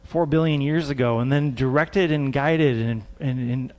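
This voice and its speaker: A man's voice: medium pitch, normal speed, a little mellow. A man preaching a sermon as a scientist, earnest and repeating words for emphasis.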